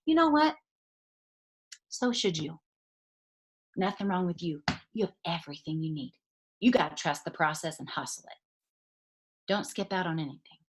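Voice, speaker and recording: A woman giving an emphatic motivational talk on a video call, swinging from loud to hushed. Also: on the low side, expressive, moderate pace, long pauses, slightly rough. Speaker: network marketing leader speaking on a call.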